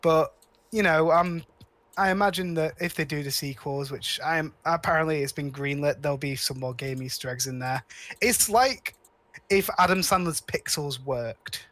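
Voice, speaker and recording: A man's voice: a little high, moderate pace, fairly bright tone, dry recording. A man co-hosting a podcast, rambling casually about films with lots of restarts and cheerful swearing. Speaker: podcast co-host. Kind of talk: casual chat.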